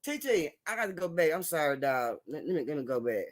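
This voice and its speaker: Animated high-voiced man chatting on a livestream. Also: fast, background noise. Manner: animated, laughing, repeats catchphrases. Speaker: livestream host. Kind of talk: casual livestream chat to viewers.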